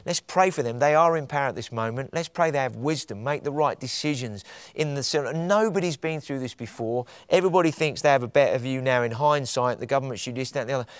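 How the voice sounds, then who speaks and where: A man's voice: mid-range voice, quick pace, smooth, no room sound. Man, preacher, passionate sermon, emphatic peaks, dry close sound.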